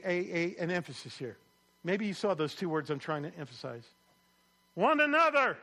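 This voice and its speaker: A man's voice: sits high, fairly bright tone. A man preaching a sermon as pastor, emphatic, repeating key phrases and calling on the congregation to answer back.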